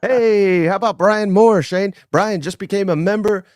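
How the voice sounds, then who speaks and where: A man hosting a casual sports podcast, energetic and teasing, giving shout-outs to listeners. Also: high voice, moderate pace, no room sound, studio quality. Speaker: podcast host.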